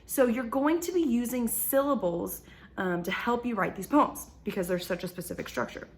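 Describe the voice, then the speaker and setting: A young woman teacher talks to young children in a recorded class lesson. She speaks patiently and slowly, sounding out each word and clapping the syllables. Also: a little high, expressive.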